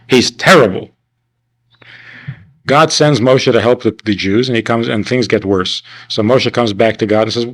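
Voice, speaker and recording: Male rabbi lecturing a class, conversational, acts out quoted voices up high; 1990s class recording. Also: slow pace, pauses often, low-quality recording. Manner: conversational, rhetorical questions.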